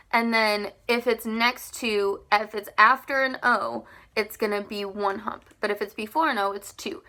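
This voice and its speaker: A fairly high, bright-toned woman walks students through a writing lesson. She explains patiently and repeats key points, with frequent "um"s and a questioning "okay?" to check they follow. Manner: frequent "um" fillers while thinking aloud. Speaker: teacher. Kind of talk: recorded classroom lesson.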